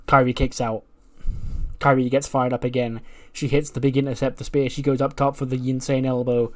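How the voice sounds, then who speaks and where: A man casually narrating a wrestling management game, rambling with lots of fillers. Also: mid-range voice. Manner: rambling, lots of "like" and "you know". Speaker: let's play narrator.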